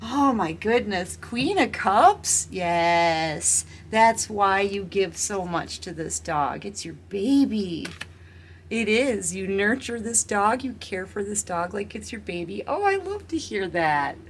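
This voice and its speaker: A woman's voice: medium pitch, lively intonation, takes it slowly, slight background noise. A woman giving a casual tarot reading, chatting and giggling as she talks straight to her viewers. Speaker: tarot reader.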